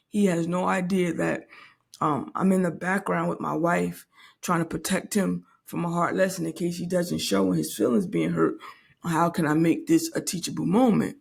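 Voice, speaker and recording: A woman in her late 40s hosts a podcast, telling a personal story candidly and reflectively, often halting and starting again. Her voice is fairly low, creaky, and slightly rough.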